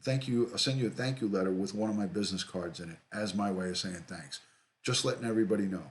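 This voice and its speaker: Relaxed New man reading live chat. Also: lowish voice, fast. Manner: relaxed, repeats himself, greets viewers by name. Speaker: livestream host, retired detective. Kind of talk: casual livestream chat reading comments.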